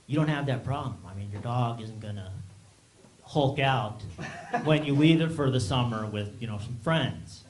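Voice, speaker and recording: A man doing a stand-up set on a small theater stage, talking haltingly with many ums and restarts. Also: medium pitch. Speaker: stand-up comedian. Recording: echoey room, loud background noise. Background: audience laughter.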